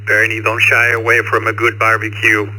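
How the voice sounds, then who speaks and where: A man's voice: lowish voice, monotone, normal speed, heavy background noise. A man hosting an amateur radio net, chatting in a friendly, jokey way with lots of fillers. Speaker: net control host.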